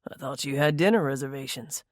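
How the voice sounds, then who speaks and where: A woman's voice: sits low, moderate pace, no room sound, clean studio sound. A woman voicing a burly, smirking man who drawls and taunts. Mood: smug.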